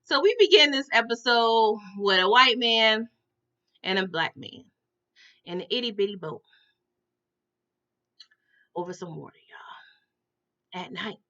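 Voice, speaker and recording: A woman giving a casual TV episode recap, animated and slangy, often checking in with "okay?" and "y'all". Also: on the high side, a little slow, pauses often, highs cut off. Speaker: TV recap reviewer.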